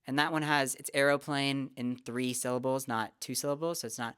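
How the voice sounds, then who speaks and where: A young adult vocal teacher, calmly explaining singing technique step by step in a casual lesson. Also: mid-range voice, a little fast, few pauses, clear, resonant tone, dry recording, clean studio sound. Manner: relaxed, explanatory, talks through technique step by step.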